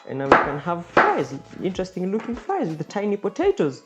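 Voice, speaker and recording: A woman hosting a playful cooking vlog, goofy and exaggerated, with sudden loud outbursts. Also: fairly low pitch, huge pitch swings, a little fast, few pauses, loud music behind the voice. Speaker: cooking vlogger.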